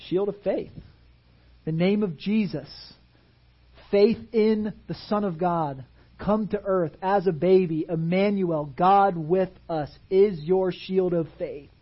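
Husky high-voiced preacher man. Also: takes it slowly, lo-fi sound. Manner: animated preaching, rhetorical questions to the congregation. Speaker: pastor. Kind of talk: sermon. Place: church sanctuary.

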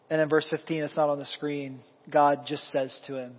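Husky-voiced male pastor preaching in a hall. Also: on the high side, unhurried. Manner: animated preaching, quizzing the congregation. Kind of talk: sermon. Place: church sanctuary. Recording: echoey hall, dull lo-fi sound.

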